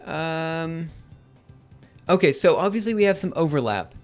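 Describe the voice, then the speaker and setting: A young man talks through his code on a live stream, full of ums and quick self-corrections. His voice sits a little high and sounds a bit worn, as if he is losing it. Faint music plays under the clatter of keyboard typing. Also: clear, resonant tone. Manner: thinks aloud with many fillers and self-corrections. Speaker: livestreaming programmer. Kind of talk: casual live coding commentary.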